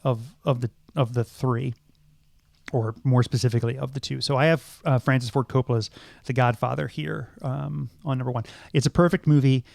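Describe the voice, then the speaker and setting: A man's voice: medium pitch, fairly even intonation, normal speed, gravelly, darkish tone, no room sound. A middle-aged man and podcast co-host, talking through films thoughtfully, with many ums and restarts. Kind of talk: casual film discussion.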